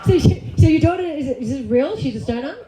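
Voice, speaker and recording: A woman hosting a comedy panel show, gushing and animated with the comics. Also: sits high, fast talker, very noisy. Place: comedy club. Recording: echoey club with crowd.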